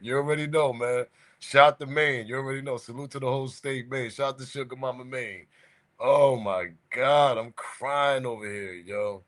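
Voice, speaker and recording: A man hosting a livestream, reacting to viewer chat with constant bursts of laughter and loud repeated exclamations. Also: mid-range voice, steady tone, normal speed. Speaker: livestream host.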